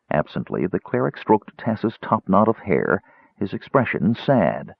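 A man reading an audiobook in scripted, expressive narration, on a tinny narrow-band recording. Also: fairly low pitch, unhurried, vocal fry, breathy edge, no room sound.

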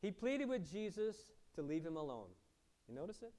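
A man preaching a sermon as pastor, asking the congregation questions, moving between loud emphasis and quiet, low asides. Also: very animated, normal speed.

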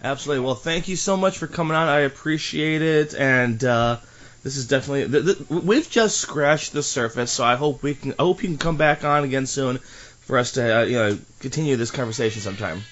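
A man's voice: mid-range voice, a little fast, a bit bright, lo-fi sound. A man hosting a wrestling podcast, chatting eagerly and reading out event listings in a rambling, enthusiastic way. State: out of breath. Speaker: podcast host. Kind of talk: casual podcast interview and event rundown.

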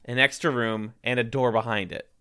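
A man playing in a tabletop game, quick and jokey, often poking fun at himself. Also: medium pitch, steady tone, sharp tone, clear, resonant tone. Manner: quick, jokey, self-mocking. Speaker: player. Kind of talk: tabletop game play over a call.

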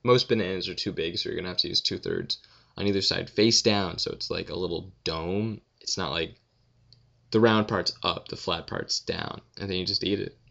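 In a casual Q&A vlog, a young man answers viewer questions with a low, creaky voice that sounds pushed and bright, at a moderate pace. He rambles offhandedly, tired, swearing and yawning, and the audio is dull.

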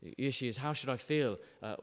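A man preaching an animated, emphatic sermon, often putting questions to his listeners. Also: mid-range voice, brisk, in a large hall. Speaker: pastor.

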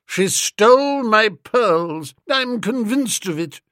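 A man's voice: sits high, animated, slow, no echo, studio quality, pitched above the performer's own voice, exaggerated voice. A man voicing a domineering older aunt who snaps and talks down to everyone in a haughty way. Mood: shouting. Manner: loud, snapping, haughty.

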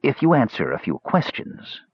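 A man voicing a frail young male mage who talks in a soft, whispering, cool way. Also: mid-range voice, huge pitch swings, moderate pace, breathy edge, no echo, dull audio, voice pushed up. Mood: cold.

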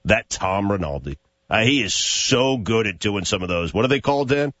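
A man's voice: on the low side, animated, moderate pace, fairly bright tone, dry recording. A man in his forties, a sports radio co-host, talking in an emotional, rambling way. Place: radio studio. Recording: dull studio audio.

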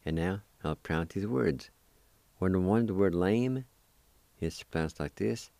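Man, deep voice, slow measured delivery, radio language lesson, syllable-by-syllable repetition. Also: vocal fry, dark tone, no room sound. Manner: spells and repeats words syllable by syllable. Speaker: radio host teaching language. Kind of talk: slow spelled-out word lesson.

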